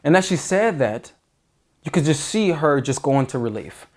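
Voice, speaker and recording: A man's voice: on the high side, sing-song, normal speed, darkish tone, slight background noise. A man giving dating advice in an earnest, emphatic monologue, often restarting sentences. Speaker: dating coach.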